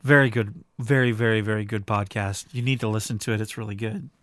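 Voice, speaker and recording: A man's voice: on the low side, fairly even intonation, fast talker, a bit bright, no echo. Middle aged guy rambling on a home podcast, easygoing, dry close sound. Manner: rambling, easygoing, restarts often. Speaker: podcast co-host. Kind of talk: casual home podcast chat.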